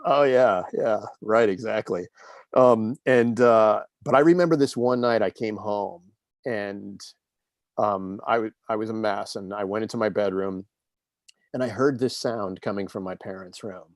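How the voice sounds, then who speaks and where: A man in his fifties with a lowish voice tells stories as an interview guest, in an earnest and reflective tone. The sound is dry and close, with no room around it. He talks in a loose, casual way. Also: unhurried, no room sound. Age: 50s. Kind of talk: casual conversational storytelling.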